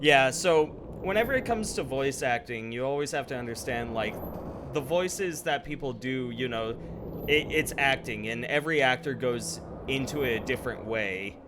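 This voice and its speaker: A man's voice: mid-range voice, expressive, moderate pace, noisy background. A man streaming live, chatting casually while gaming and rambling with lots of fillers. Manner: rambling, with frequent ums and likes.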